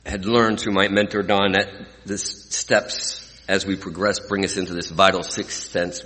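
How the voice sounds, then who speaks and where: A low-voiced, forceful middle-aged man from California tells his recovery story to a live audience. He is earnest and emotional, dropping to a hush and then lifting again. His voice rings with the long reverb of a large hall. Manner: earnest, emotional, swings from hushed to lively. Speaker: recovery speaker. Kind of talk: personal testimony to an audience.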